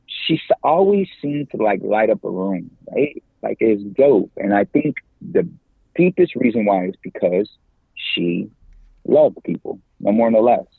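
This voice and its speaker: A man in his forties, a podcast guest and campus minister, talking in a lively, slangy way and laughing often. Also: on the low side, unhurried, vocal fry, husky, no echo. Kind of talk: casual interview talk. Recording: tinny phone-like line, dry.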